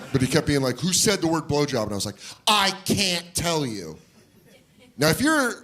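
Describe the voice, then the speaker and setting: A man doing stand-up, telling a story and acting out the people in it with big jumps in his voice. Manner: animated, acts out voices with big jumps in pitch. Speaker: stand-up comedian. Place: comedy club stage. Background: audience laughter.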